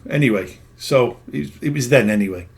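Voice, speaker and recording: A middle-aged man at an ordinary, mid-range pitch speaks in a loose, rambling monologue. He talks plainly as a spiritual healer, often doubling back to correct himself as the story unfolds. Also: expressive, moderate pace, vocal fry.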